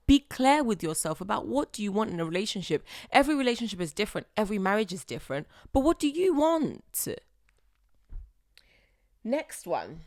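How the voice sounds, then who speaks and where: A young woman, hosting a podcast and giving blunt, animated relationship advice. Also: mid-range voice, no room sound, studio quality. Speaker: podcast host. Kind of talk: advice monologue.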